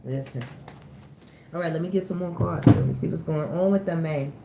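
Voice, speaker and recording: A woman's voice: sits low, moderate pace, vocal fry. Chatty woman reading tarot, echoey room. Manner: chatty, talks straight to viewers, laughs often. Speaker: tarot reader. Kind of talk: casual tarot reading monologue. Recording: echoey room with faint ambient noise.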